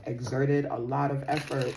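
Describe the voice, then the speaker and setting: A woman's voice: very deep voice, level tone, normal speed, vocal fry, darkish tone, a little hiss or hum. A woman giving a casual tarot reading to her viewers. She talks in a chatty, slangy, playful way and laughs often. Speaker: tarot reader.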